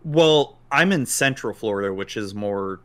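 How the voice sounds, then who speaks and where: Podcast co-host, man from Texas, bright tone, casual and playful, trips on words. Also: on the low side, lively intonation, a little slow. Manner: playful, stumbling over words. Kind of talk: casual chat. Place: home, Central Florida.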